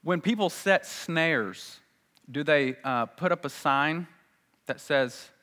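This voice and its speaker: A man preaching a conversational sermon as a pastor, swinging from hushed lines to loud, excited ones. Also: on the high side, slow, big-room sound.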